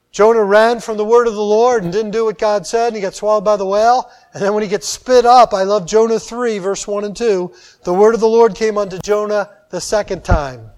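High-voiced animated male preacher. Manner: animated, swings from loud emphasis to quiet drawn-out endings. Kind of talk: sermon.

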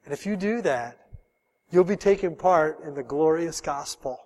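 A man's voice: fairly high pitch, normal speed, darkish tone, long reverb tail. A middle-aged man preaching a sermon as pastor, telling a personal story in an earnest, emotional way.

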